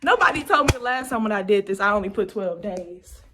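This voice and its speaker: A young woman chatting excitedly to her viewers in a vlog, still out of breath after a workout. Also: mid-range voice, fairly quick, slight background noise. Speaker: vlogger. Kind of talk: casual chat to camera.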